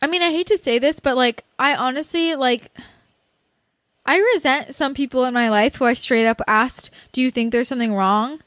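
A woman's voice: sits high, normal speed, fairly bright tone, dry recording. A young woman hosting a candid conversation, talking bluntly and ramblingly with many fillers and laughing through tears.

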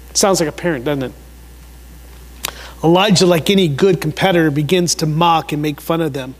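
Guy preaching a sermon, high voice, hits words hard and repeats them, then drops real quiet, big reverby hall. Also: fairly quick. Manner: emphatic, repeats words for emphasis, swings between loud and hushed. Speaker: pastor.

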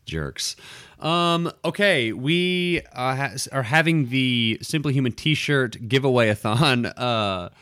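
A man's voice: medium pitch, takes it slowly, fairly bright tone, smooth, no echo. Rambling male podcast co-host, dry sound. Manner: rambling, many fillers and restarts. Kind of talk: casual chat.

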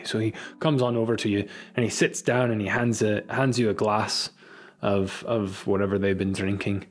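A man narrating as game master of a tabletop game, rambling and halting as he thinks. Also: on the low side, flat delivery, faint music behind. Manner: rambling, halting, full of fillers.

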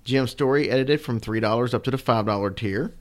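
A man's voice: medium pitch, fairly quick. A man co-hosting a podcast, chatting in a loose, rambling way about supporting the show. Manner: rambling and easygoing, with fillers. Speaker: podcast co-host. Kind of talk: casual chat.

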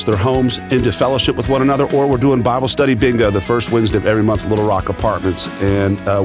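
A man speaks as a guest on a radio ministry segment, earnest and quick-paced. His voice sits a little low, and guitar music plays clearly beneath him. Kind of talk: radio interview.

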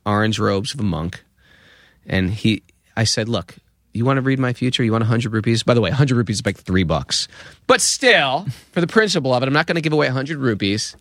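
A man in his fifties, a podcast guest, telling an anecdote with lively acted-out quotes. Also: medium pitch, no room sound, clean studio sound. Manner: lively storyteller acting out quoted voices. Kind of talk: anecdotal storytelling.

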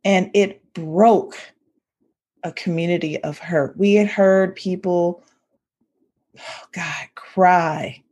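A woman's voice: lowish voice, fairly even intonation, slow pace, pauses often, darkish tone. A woman in her forties, a social worker and mother, telling a personal story with feeling and faith references.

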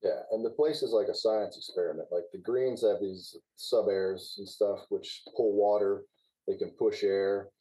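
Low, husky former greenskeeper, laid-back explainer on a podcast. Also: male voice, moderate pace, rough recording. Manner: explains turf technicalities in a relaxed, knowing way. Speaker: guest, former golf course superintendent. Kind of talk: casual podcast chat.

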